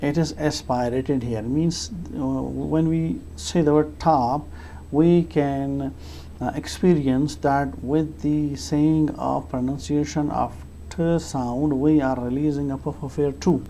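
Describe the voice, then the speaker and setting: A teacher giving a lecture, halting and full of fillers, repeating key phrases to make points clear. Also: medium pitch, fairly even intonation, mellow, a little hiss or hum. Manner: halting, with frequent fillers and restarts. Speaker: English teacher. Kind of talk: explanatory lecture.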